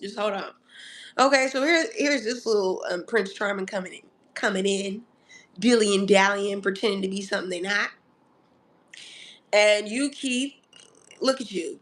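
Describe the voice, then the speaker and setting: A woman giving a live tarot reading in a sassy, animated way, calling listeners honey and darling and laughing often. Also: medium pitch. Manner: laughs often between remarks. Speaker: tarot reader.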